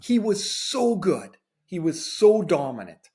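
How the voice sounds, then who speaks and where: A man's voice: sits high, big pitch swings, slow pace, mellow. A man co-hosting a podcast, telling stories in a conversational, slightly sardonic way and repeating phrases for effect. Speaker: podcast co-host, former player. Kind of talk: casual storytelling.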